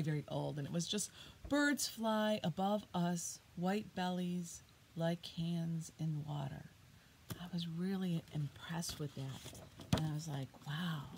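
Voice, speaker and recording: A middle-aged woman teacher reading poems aloud to children, booming out the sound words and asking them questions. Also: noisy background. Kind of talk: read-aloud poetry lesson for children. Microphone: iPad.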